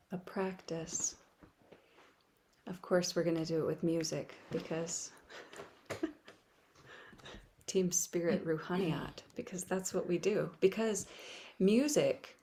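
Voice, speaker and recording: A woman leading an online spiritual practice, speaking softly and often dropping to a whisper, with playful asides. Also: lowish voice, a little hiss or hum. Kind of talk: gentle spiritual teaching.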